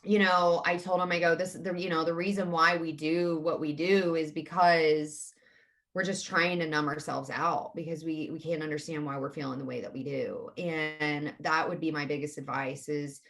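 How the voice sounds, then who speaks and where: A woman's voice: sits low, steady tone, moderate pace, fairly bright tone. A woman, speaking openly and earnestly as an interview guest. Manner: open and earnest, talks about feelings frankly. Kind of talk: candid conversational interview.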